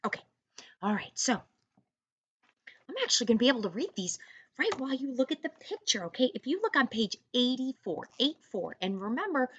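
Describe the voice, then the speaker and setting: A woman teaching an online first grade reading lesson, encouraging young children and sounding out words slowly. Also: a little high, big pitch swings, a bit bright, husky, no room sound.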